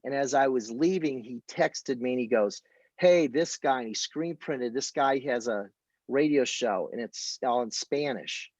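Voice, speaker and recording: A man's voice: medium pitch, measured pace, darkish tone, no room sound. A man coaching people on how to present a business opportunity, telling stories and acting out conversations in a casual way. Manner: storytelling, quoting conversations. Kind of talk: casual training talk.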